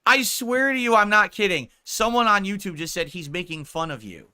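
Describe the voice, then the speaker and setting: A man's voice: high voice, lively intonation, moderate pace, pushed and bright, clear, resonant tone. A man live-streaming a reaction, laughing and mocking his critics with plenty of profanity.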